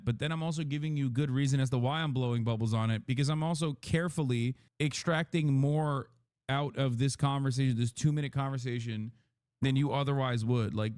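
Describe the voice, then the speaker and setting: A man's voice: medium pitch, no echo, clean studio sound. A young man livestreaming his reaction to a clip, rambling and cursing as he picks apart the argument. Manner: excited, profane, analytical rambling. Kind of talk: live-stream reaction commentary.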